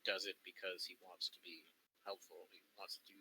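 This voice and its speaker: A man's voice: sits low, level tone, fairly quick, creaky, pushed and bright, low-quality recording. A young man chatting casually as a co-host, rambling with many ums and restarts. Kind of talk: casual chat. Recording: faint background noise.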